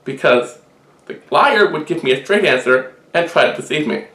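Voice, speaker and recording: A man's voice: a little high, expressive, moderate pace, bright, forceful tone. A man voicing a clever, smug young knight who explains his logic patiently. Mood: explaining. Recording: roomy echo.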